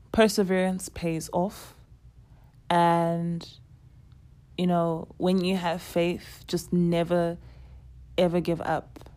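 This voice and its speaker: Casting: young woman, low-ish voice, lively casual storyteller who acts out dialogue. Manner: animated, acts out quoted dialogue, laughs often.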